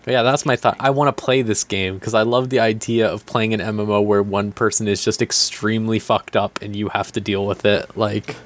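A man's voice: fairly low pitch, fairly even intonation, a little fast, hardly any pauses. Casual male podcast co-host, rambling delivery, acts out quotes in passing. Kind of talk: casual anime discussion.

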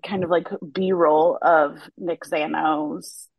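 A woman's voice: low-pitched, fairly even intonation, slow pace, husky, dry recording, highs cut off. A woman TV writer, a podcast guest, chatting casually with lots of fillers and frequent laughs. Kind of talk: casual interview chat.

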